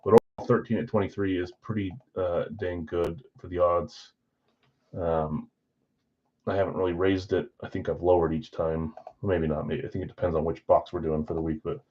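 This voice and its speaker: A man's voice: sits low, steady tone, brisk. A man hosting a live stream card break, chatting casually and thinking aloud as he opens packs. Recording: dull lo-fi stream audio.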